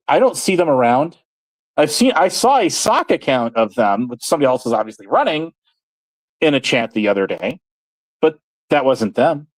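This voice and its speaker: A man's voice: a little high, no room sound, poor audio. A man hosting his own channel, ranting in a rambling, sarcastic, aggrieved way and swearing freely. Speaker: channel host. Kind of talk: casual ranting monologue.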